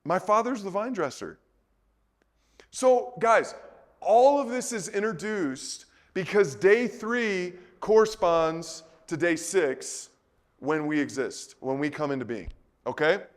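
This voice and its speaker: High-voiced animated male preacher. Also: takes it slowly. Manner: animated, rhetorical questions, swings between soft and loud; conversational, repeats words. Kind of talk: sermon.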